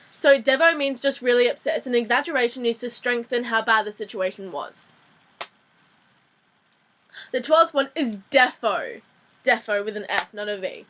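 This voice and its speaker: Young woman, Australian accent, casual vlog lesson, rambling and giggly, slightly high voice. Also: lively intonation, normal speed, a bit bright, slight background noise. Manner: chatty, giggly, rambling with restarts. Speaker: vlogger teaching slang.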